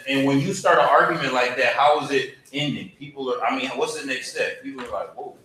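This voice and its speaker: A man's voice: mid-range voice, brisk, few pauses, pushed and bright. A man teaching a church Bible class in a casual, conversational way, often asking the class questions. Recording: very echoey room, faint hum.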